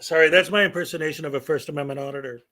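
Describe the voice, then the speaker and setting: A man's voice: fairly high pitch, fairly even intonation, rapid-fire, sharp tone. A man hosting a casual livestream, talking to chat with sarcastic, joking asides. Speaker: channel host.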